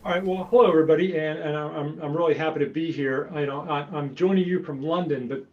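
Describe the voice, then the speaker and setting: The remote call audio is muffled as an American guest speaker gives a chatty webinar presentation, repeating words while he finds his thread. His voice is a little high with fairly even intonation, and he talks fast.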